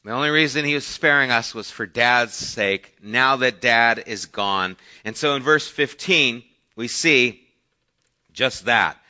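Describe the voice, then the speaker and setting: A man preaching a sermon in a bright, forward voice, moving between quiet asides and emphatic points. He reads scripture aloud and then unpacks it in plain conversational talk. The recording sounds a little dull and lo-fi. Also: medium pitch, measured pace. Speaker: pastor.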